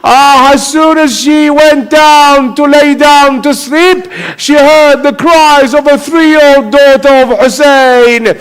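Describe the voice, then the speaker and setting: A man's voice: very high-pitched, fairly even intonation, takes it slowly, low-quality recording. A man preacher giving a mourning sermon, telling the story in an emotive, repetitive way.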